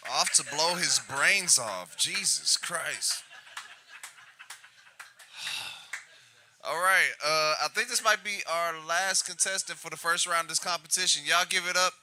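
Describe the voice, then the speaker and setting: A man's voice: a little high, slow, pauses often, sharp tone. A man hosting a live stand-up comedy show, hyping the crowd and tossing off crude asides between acts. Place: comedy club stage. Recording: noisy live club recording.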